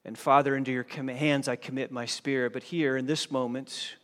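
A male pastor preaching a sermon, dropping to a hush and then rising to loud, forceful emphasis. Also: mid-range voice, fairly even intonation, brisk. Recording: long hall reverb.

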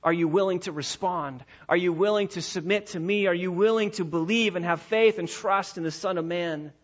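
A pastor delivering a sermon in a church, emphatic and repeating key phrases, slowing down to stress his points. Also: high-pitched. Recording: dull lo-fi recording.

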